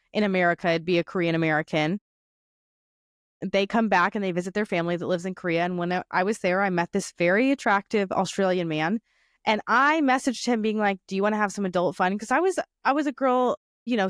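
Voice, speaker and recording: A woman's voice: medium pitch, no room sound, studio quality. A young woman hosting a podcast, telling a crude comic story in casual chat, a little tipsy from wine. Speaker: podcast host.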